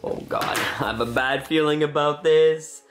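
A man hosting a horror reaction video, talking excitedly, laughing and breaking into startled yells. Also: fairly high pitch, measured pace, noisy background.

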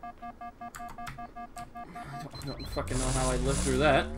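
A young woman giving gameplay commentary, dropping into low muttered asides and then breaking into excited, swearing shouts. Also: measured pace, over loud music. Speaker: gamer. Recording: game sounds loud behind voice.

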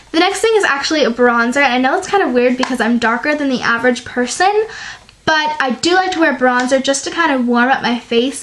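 High-voiced chatty young woman vlogger. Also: fairly bright tone. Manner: chatty, lots of "um" and "like". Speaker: beauty vlogger. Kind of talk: casual product review. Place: her bedroom. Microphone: built-in camera mic.

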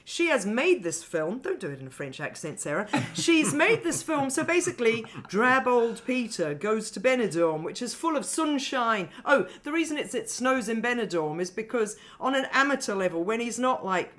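A woman's voice: on the high side, normal speed, few pauses. A woman co-hosting a film podcast, chatting casually about films and laughing often as she talks. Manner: animated, laughs often while talking. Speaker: podcast co-host and film critic. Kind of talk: casual film review chat.

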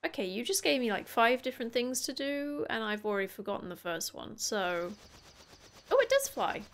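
A gaming YouTuber with a slightly high, sing-song voice plays a video game at a moderate pace, thinking aloud chattily and swearing playfully in casual let's-play commentary. Game music plays in the background.

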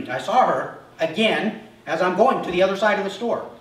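A middle-aged male pastor preaching a sermon, telling self-deprecating stories in an animated way. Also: high-pitched, moderate pace. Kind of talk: sermon with humorous personal stories. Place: church sanctuary. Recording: echoey hall, mic from far off.

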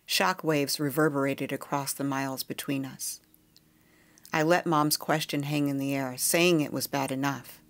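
A woman podcast host reading a memoir chapter aloud in a quiet, measured, intimate way. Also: a bass voice, steady tone.

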